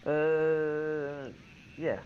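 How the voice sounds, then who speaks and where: A man's voice: a little high, flat delivery, very slow. A man playing a wargame on a stream, thinking aloud hesitantly with lots of fillers. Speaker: wargame player and co-host. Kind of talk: casual chat during a game. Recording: dull stream audio with clear hiss.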